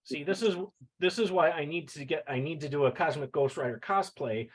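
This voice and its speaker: A man's voice: a little high, expressive, brisk, low-quality recording. A man co-hosting a comic book podcast, chatting with enthusiasm and cracking jokes. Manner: joking, enthusiastic. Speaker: podcast co-host. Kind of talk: casual podcast chat.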